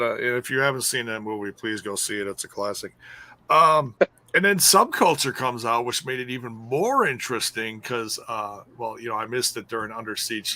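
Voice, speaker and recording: Man, podcast host, bright voice, chatty, rambling, laughs a lot. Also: mid-range voice. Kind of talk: casual wrestling review chat.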